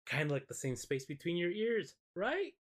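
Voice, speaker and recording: A sweetly sadistic young woman gambler, put on by a man who is retelling a show taunts her opponent in a sing-song, falsely polite voice. The voice sits higher than his own. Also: sing-song, normal speed. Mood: mocking.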